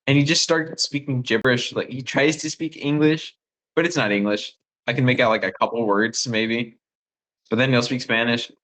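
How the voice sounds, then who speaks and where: A young man, a missionary phoning home, telling rambling, excitable stories full of fillers. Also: mid-range voice, moderate pace, poor audio. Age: young adult. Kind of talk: casual phone chat with family.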